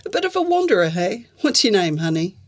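A woman's voice: medium pitch, sing-song, fairly quick, no room sound. A bold, unruffled young shapeshifter who gives orders in a casual, matter-of-fact way, voiced by a woman reading a storybook. Her voice stays close to the reader's own easy tone. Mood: teasing.

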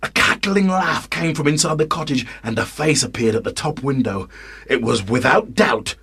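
A man's voice: a little high, animated, normal speed, a bit bright, slightly rough, dry recording. A man narrating a children's story, with playful, wry asides to the listeners.

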